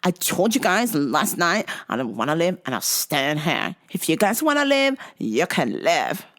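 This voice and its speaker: A woman's voice: on the low side, sing-song, unhurried, a bit bright. A woman voicing a distraught young woman who refuses to leave an elevator. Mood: defiant.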